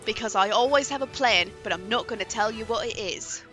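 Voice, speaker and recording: A woman putting on a mock New Zealand accent, talking in a slow, hushed way. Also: a little high, soft background music. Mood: scheming. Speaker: podcast co-host.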